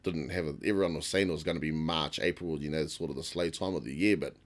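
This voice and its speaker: A man's voice: extremely low pitch, fast talker. A man with a New Zealand accent chatting casually as a podcast guest, swearing and laughing as he tells stories. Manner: casual, swears, laughs often, animated retelling. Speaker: podcast guest, tattoo artist. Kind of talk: casual chat.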